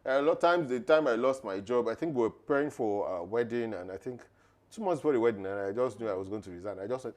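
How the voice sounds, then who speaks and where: A man's voice: mid-range voice, lively intonation, fast, darkish tone. A man co-hosting a podcast, talking emphatically and laughing often. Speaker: podcast co-host. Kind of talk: conversational podcast talk.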